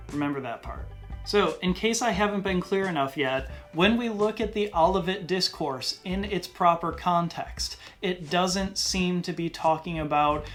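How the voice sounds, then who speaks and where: Man with a slightly high voice, teaching. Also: fairly bright tone. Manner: conversational, slows down to stress key phrases. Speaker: podcast host. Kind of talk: casual Bible teaching monologue.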